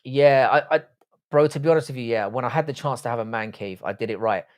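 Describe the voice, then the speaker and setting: This livestream host is an Englishman in his forties who talks quickly at a medium pitch. Reading viewer chat aloud and greeting people by name, he swaps crude, blunt, swear-filled jokes in his English accent.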